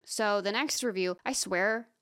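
A woman's voice: mid-range voice, measured pace, a bit bright, clean tone. Woman, podcast co-host, casual review chat, reads quotes and weighs in plainly. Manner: reads quotes aloud then comments plainly. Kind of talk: casual movie review chat, reading critics' quotes aloud.

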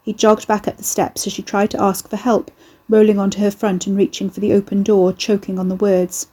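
A woman reading a story aloud as a narrator, in a steady, even storytelling way. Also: medium pitch, fairly quick, slightly rough. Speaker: audiobook narrator. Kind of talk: scripted narration.

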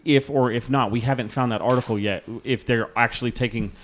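A man's voice: medium pitch, fairly quick. A man co-hosting a casual podcast, arguing heatedly and swearing freely, with a Texan accent. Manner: animated, argumentative, swears freely. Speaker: podcast co-host.

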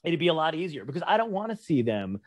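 A man's voice: fairly high pitch, fast talker, dry recording. American man ranting, dry close sound. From United States. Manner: profane, animated ranting. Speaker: comedian guest. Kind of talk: casual podcast conversation.

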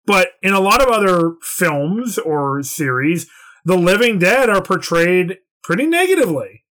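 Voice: medium pitch, big pitch swings, unhurried, fairly bright tone. Talkative podcast co-host. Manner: analytical, talkative. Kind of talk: casual discussion.

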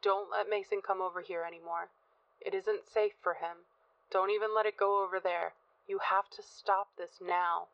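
A woman's voice: mid-range voice, steady tone, moderate pace, a bit bright, no room sound, far from the mic, close to an everyday voice. A woman voicing a frantic, terrified middle-aged husband who pleads in a manic, desperate rush. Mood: urgent. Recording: dull, dry, lo-fi sound.

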